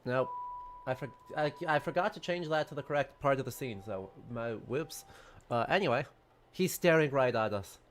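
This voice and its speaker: A man's voice: mid-range voice, animated, normal speed, a little hiss or hum. A man casually chatting and reading dialogue while streaming a story game. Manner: chatty, self-deprecating, rambling. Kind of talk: casual let's-play chat.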